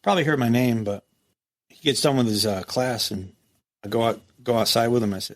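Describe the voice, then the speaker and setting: A man's voice: mid-range voice, fairly quick. A middle-aged man, a former prison captain, telling war stories in a casual interview, swearing freely and acting out the dialogue. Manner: animated, profane, acts out quoted dialogue.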